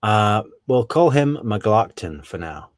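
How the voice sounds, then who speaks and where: A man's voice: on the low side, big pitch swings, slow pace, no room sound. A man giving casual, rambling commentary on a true crime case, often correcting himself on names.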